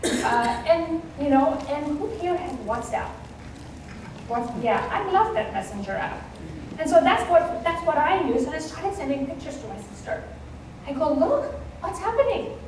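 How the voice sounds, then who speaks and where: A woman from Kenya giving a keynote talk, telling a personal story in an animated way and acting out the dialogue. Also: sits high, moderate pace, slight background noise. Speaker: keynote speaker. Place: conference hall stage. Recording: echoey hall, mic at a distance.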